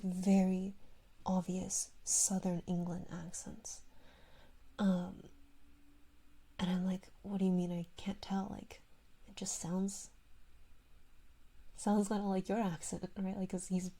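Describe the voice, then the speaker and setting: A young woman whispers close to the mic in a relaxed ASMR stream chat. She rambles, restarts and pokes fun at herself. Her voice is airy and husky, at a middle pitch. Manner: rambling and self-deprecating, with many restarts.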